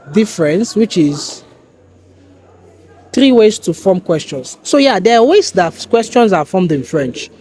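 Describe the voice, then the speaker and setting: Higher-voiced man teaching an online class. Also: mellow. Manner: patient, explains step by step with restarts. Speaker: French teacher.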